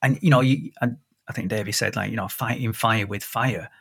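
In casual podcast conversation, the host, a man in his fifties, tells animated stories and often restarts. His lowish voice is gravelly and husky, and he talks a little fast.

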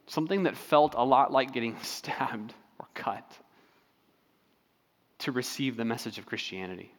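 A man preaching a sermon in a relaxed, conversational way, telling stories with frequent fillers and restarts. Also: medium pitch, normal speed, in a large hall. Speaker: pastor.

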